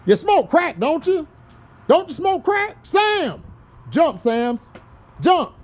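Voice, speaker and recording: A man acting out a stern school principal who barks orders in a mocking, yelling voice. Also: very high voice, sing-song, takes it slowly, heavily acted.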